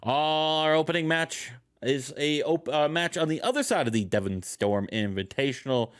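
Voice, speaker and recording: Male host, lively pitch, jokey casual commentary over a game. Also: moderate pace. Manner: rambling, jokey storytelling. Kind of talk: casual let's-play commentary.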